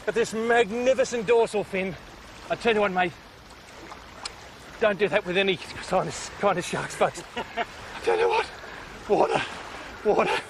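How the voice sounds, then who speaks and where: A man's voice: high-pitched, measured pace, long pauses, background noise. An Australian man hosting a fishing show from a boat, exclaiming and laughing as he commentates. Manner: exclaiming, laughing, calls his mate an idiot. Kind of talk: excited on-camera fishing commentary. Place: outdoors on a boat at sea. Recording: old TV footage with loud music. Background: loud music, boat.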